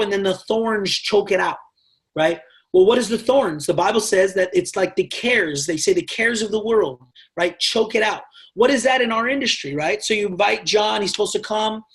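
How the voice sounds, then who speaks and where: A man with a notably high-pitched voice coaches a sales team. His delivery is animated and direct, and he punctuates his points with constant check-ins to his listeners. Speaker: network marketing trainer. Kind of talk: motivational team training talk.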